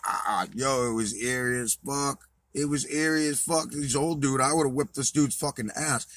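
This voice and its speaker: A man casually telling a profane story to camera, swinging from low muttering to loud outbursts. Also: husky, no echo. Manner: profane, animated retelling, swings from muttered to shouted. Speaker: vlogger.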